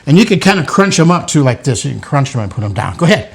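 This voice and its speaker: A man's voice: mid-range voice, big pitch swings, fast, vocal fry. An older man hosting a home cooking show, cheerfully coaching his grandkids through making pizza in a kitchen. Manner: encouraging, playful, coaxing children. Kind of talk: casual cooking demonstration with kids.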